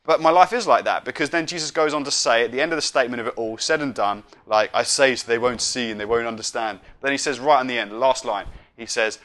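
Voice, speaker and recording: Bright-voiced casual preacher. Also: male voice, medium pitch, fast, few pauses. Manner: casual, self-mocking storytelling, then hushed prayer. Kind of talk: sermon ending in prayer.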